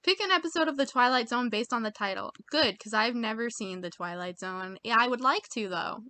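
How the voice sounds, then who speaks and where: A woman's voice: fairly high pitch, expressive, a little fast, sharp tone, no room sound. A young American woman reading quiz options aloud in casual chat, giggly and self-mocking, muttering as she goes. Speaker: video creator taking online quizzes.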